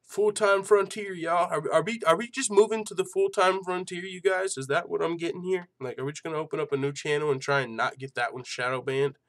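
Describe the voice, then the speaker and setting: A man's voice: fairly high pitch, brisk, hardly any pauses, a bit bright. Laid-back, profane male channel host. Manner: loose and profane, laughs a lot, lots of fillers. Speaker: host of an MMA news channel. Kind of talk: casual chat.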